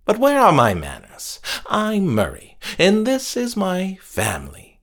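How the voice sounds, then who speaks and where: A man's voice: high-pitched, huge pitch swings, measured pace, fairly bright tone, pitched above the performer's own voice, heavily acted. A man doing a nasal, falsely kind captor. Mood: cheerful menace. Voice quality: slightly nasal. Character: soft-spoken nasal bearded man, creepily genial captor. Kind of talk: horror audiobook character voice.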